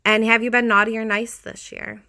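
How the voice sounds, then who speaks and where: A woman voicing a creepy old man in a mall Santa suit, with a smoker's voice and a slow, overly jolly way of talking. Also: a little high, flat delivery, sharp tone, no room sound, pitched above the performer's own voice.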